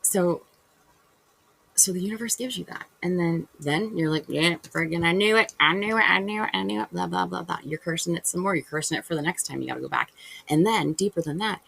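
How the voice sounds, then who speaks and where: Husky rambling vlogger, kinda gravelly, acts out little convos while chatting to the camera. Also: mid-range voice, rough recording. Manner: rambling, acts out imagined conversations; loose and chatty, with fillers and self-corrections. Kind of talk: casual spiritual monologue to camera.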